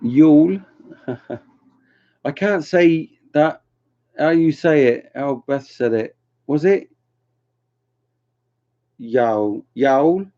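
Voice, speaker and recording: A fairly high-pitched, somewhat mellow male voice moves at a slow pace with long pauses. He's hosting a casual livestream, chattily reading comments, teasing viewers, and often laughing. The recording has a dull, lo-fi home stream quality.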